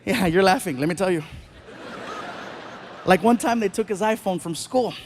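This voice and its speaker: A middle-aged man performing a stand-up comedy set on a live stage, telling stories with animated delivery and acting out other people's voices. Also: high voice, normal speed, a little hiss or hum.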